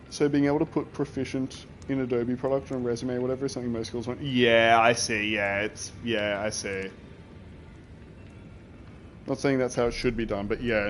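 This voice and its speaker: A man's voice: fairly low pitch, a little hiss or hum. A young man chatting casually while streaming a video game, rambling and reacting to his chat with laughter and the odd swear.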